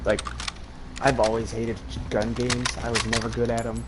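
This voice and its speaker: A young man from Arizona co-hosts a casual podcast, telling stories with animation and swearing freely. His voice sits at an ordinary male pitch. A loud wash of background noise runs under everything he says. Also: level tone, normal speed. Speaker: podcast co-host. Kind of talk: casual chat.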